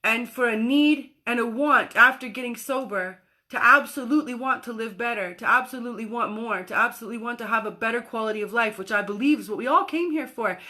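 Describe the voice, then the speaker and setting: Woman doing a spiritual pep talk live, high pitched, acts out voices, repeats herself for punch. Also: quick pace, few pauses. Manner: expressive, acts out quoted voices; emphatic repetition. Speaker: spiritual coach. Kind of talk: motivational livestream talk.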